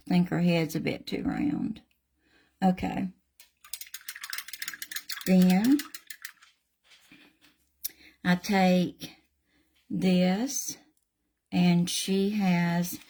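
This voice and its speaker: Southern woman host, middle-aged, unhurried folksy craft chat, a bit gravelly and low. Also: darkish tone. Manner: chatty, folksy, greets viewers by name while painting. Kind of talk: live craft tutorial chat.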